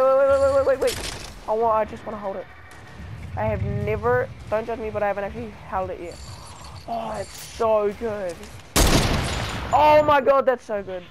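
A gaming channel host giving live gameplay commentary, excitable, who yelps and pleads whenever danger comes close. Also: mid-range voice, a little hiss or hum.

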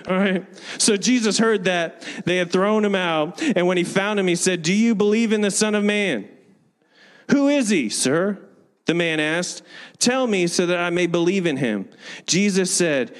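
A pastor preaching in a large church, leading the congregation in call-and-response declarations. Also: male voice, fairly high pitch, animated, measured pace, in a large hall. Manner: builds to fervent repeated declarations. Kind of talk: sermon.

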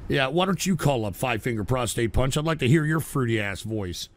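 Loud foul-mouthed male call-in host. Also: mid-range voice, expressive, moderate pace. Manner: loud, abrasive, swearing. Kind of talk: profane call-in radio banter.

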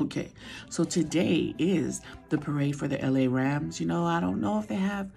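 Lady vlogging, kinda low and gravelly, chatty n playful, whispers bits sometimes. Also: normal speed, dark tone, soft background music. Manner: chatty, playful, sings along, drops to a whisper now and then. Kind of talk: casual weekly chat to viewers.

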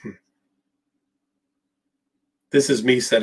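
Husky man answering live questions. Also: medium pitch, normal speed, fairly bright tone. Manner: emphatic, talks straight to viewers by name. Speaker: psychologist answering viewer questions. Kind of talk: live Q&A, casual talk.

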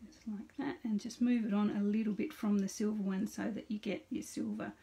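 Husky woman demonstrating crafts. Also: medium pitch, level tone, fairly quick, dark tone. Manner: chatty, greets viewers by name, narrates each step aloud. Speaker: card-making host on a live stream. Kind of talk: casual live craft demonstration.

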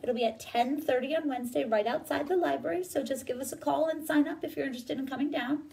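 A woman librarian reads a children's picture book aloud in a gentle, sing-song way. Her high voice bobs expressively and sounds a little distant from the mic. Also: quick pace, creaky. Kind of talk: children's story time reading.

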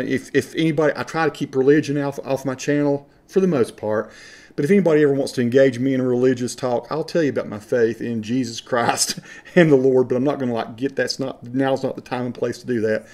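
A man's voice: medium pitch, fairly quick, a little mellow. A man from western North Carolina with an Appalachian accent, talking to camera in a passionate, rambling, folksy monologue. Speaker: vlogger.

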